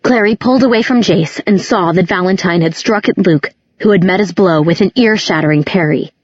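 A woman narrating a novel in a steady, measured reading. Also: on the low side, breathy edge, no room sound. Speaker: audiobook narrator. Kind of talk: scripted narration. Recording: dull, muffled recording.

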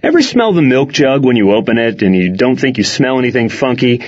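A man narrates a first-person audiobook, wry and expressive. His pitch moves a lot, with lively rises and falls. The recording is dull and lo-fi. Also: brisk.

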